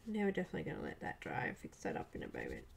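A woman chatting casually on a live coloring stream, soft-spoken, often dropping into murmurs and whispers as she works. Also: low-pitched, wildly swooping pitch, very fast, gravelly, slight background noise. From Australia. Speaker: livestream coloring artist.

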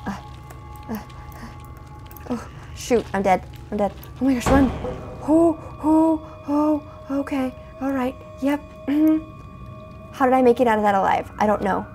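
A woman with a fairly high voice gives let's-play commentary on a creepy game. She chatters to her viewers in a jumpy, excitable way. Faint game music sits underneath her. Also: moderate pace. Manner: jumpy, chatty, talks to viewers, frequent gasps and exclamations. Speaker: gaming video host.

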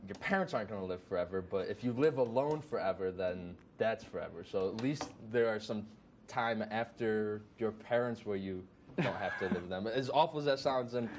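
A young man hosting a casual chat show, rambling with many fillers and restarts, getting excited at times. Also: fairly low pitch, moderate pace, a little hiss or hum. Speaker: host.

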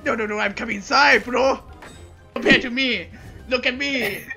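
A young gamer laughing, taunting and shouting in a casual chat while playing. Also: medium pitch, moderate pace, soft background music. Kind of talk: casual gaming banter.

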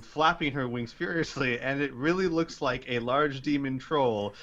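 A man's voice: mid-range voice, normal speed, a bit bright, highs cut off, a little hiss or hum. A man narrating a tabletop role-playing game as game master.

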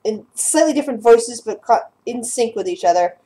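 A woman with a somewhat high voice leads a tabletop game session as game master. She narrates scenes loosely, stumbling and restarting her sentences, and calls for dice rolls between descriptions. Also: expressive, dark tone, rough recording. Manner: halting, restarts a lot while describing scenes.

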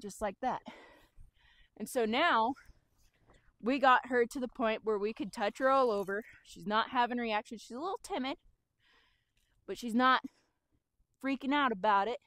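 A woman horse trainer explaining calmly while working with a horse outdoors and talking to it as she goes. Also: on the high side, moderate pace, long pauses, no room sound. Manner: calm, explanatory, talks to the horse as she works.

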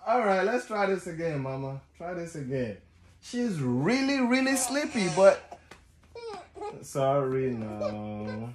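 A man's voice: fairly high pitch, big pitch swings, slow, faint music behind. A young man with a Nigerian accent, a father filming himself at home as he coaxes his baby daughter to sleep, pleading and playfully scolding and repeating words over and over. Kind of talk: casual home vlog talk.

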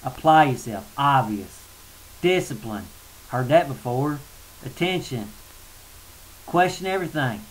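A man's voice: medium pitch, lively intonation, measured pace, pauses often, low-quality recording. A man ranting in a blunt, colloquial way in a casual video monologue, getting worked up and then apologizing. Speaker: spiritual vlogger. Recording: faint hiss.

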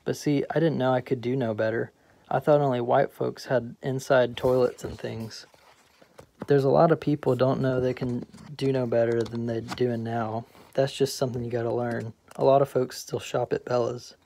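A man voicing an easygoing middle-aged male friend who reminisces in a relaxed way, in a play audiobook. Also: medium pitch, normal speed, gravelly, slight background noise, natural voice. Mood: reminiscing.

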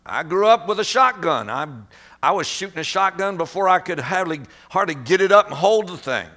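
A middle-aged man, a pastor, preaching a sermon and telling a story with animated sound effects and acted-out quotes. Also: sits high, a little fast.

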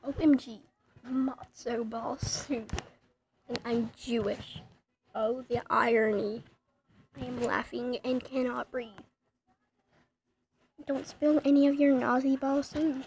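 A high-voiced woman reads funny text messages aloud and reacts with playful, exaggerated amusement. She takes her time over the lines. Clear noise sits behind her voice. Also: steady tone, a little slow, long pauses, a little mellow, poor audio. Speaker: comedy video narrator.

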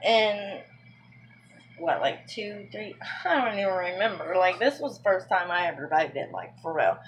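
A woman's voice: on the low side, measured pace, slight background noise. A young woman talking casually in her home vlog, venting with exasperation and lots of "like". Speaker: vlogger.

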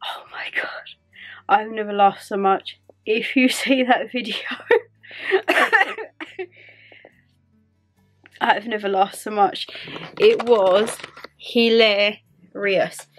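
In a home vlog, a young woman from Northern England chats casually and giggles at herself in a self-mocking way. Her mid-range voice draws out words with frequent pauses, over soft background music.

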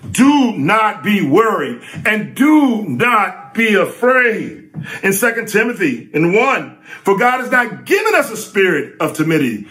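A middle-aged man preaching a sermon, emphatic and lively, with sudden rises for stress. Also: high-pitched.

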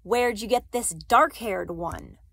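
A woman's voice: fairly high pitch, normal speed, husky, no room sound, studio quality. A woman reading aloud, voicing a harsh, scornful male officer who barks and sneers. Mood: sneering. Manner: barking, sneering.

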